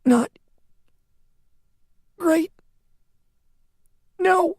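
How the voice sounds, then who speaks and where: A man's voice: extremely high pitch, drawn-out words, no room sound, clean studio sound, pitched above the performer's own voice, exaggerated voice. A man doing a wheezing, breathless old man. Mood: weak, wry.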